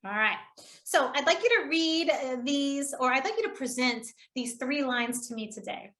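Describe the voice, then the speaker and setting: A woman runs a live online speaking workshop in a high, bright voice. She keeps things upbeat and encouraging, laughing easily with her participants. She talks over a computer mic on a video call. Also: lively intonation, moderate pace. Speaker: public speaking trainer hosting a webinar.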